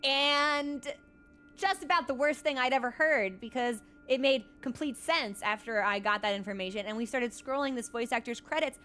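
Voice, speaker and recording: A woman streamer chats casually to her viewers in a slightly high voice. She tells her stories in an animated way, leaning on "like" and small laughs. Soft game music plays faintly under her talk. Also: normal speed. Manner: chatty, animated storytelling with laughs and filler "like". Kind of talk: casual live-stream chat.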